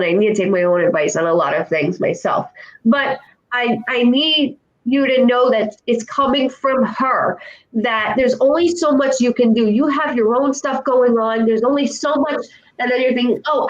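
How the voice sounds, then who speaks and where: A clairvoyant woman, her voice fairly high and the upper frequencies cut off, delivers a psychic reading. Earnest and repetitive, she relays what the dead supposedly said, word for word.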